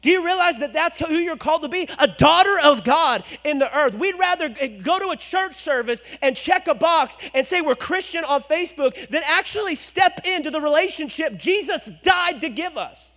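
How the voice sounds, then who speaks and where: A male pastor preaching a sermon, swinging between loud exhortation and hushed, low asides. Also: expressive, moderate pace, few pauses.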